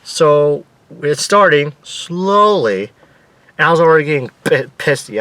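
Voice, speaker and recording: Young male vlogger, excitable storyteller, lively and fairly high voice. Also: unhurried, no echo. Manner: excitable, animated, swears casually, acts out his own screams. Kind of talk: casual storytelling.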